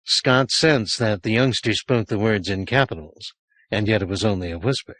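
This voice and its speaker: A man reading a horror short story aloud as an audiobook narrator, measured and expressive. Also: fairly low pitch, dry recording. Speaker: audiobook reader.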